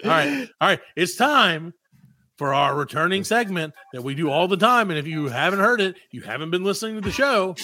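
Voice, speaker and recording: A man's voice: high voice, big pitch swings, a little fast, bright, forceful tone. A man hosting a podcast, teasing his co-host, joking and swearing. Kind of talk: casual podcast banter.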